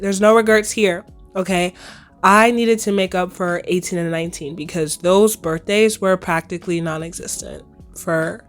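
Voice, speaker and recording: Hoarse young woman chatting on her podcast. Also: mid-range voice. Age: 20s. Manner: chatty, playful slang, laughs often. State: hoarse, recovering lost voice. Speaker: podcast host. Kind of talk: casual solo podcast chat.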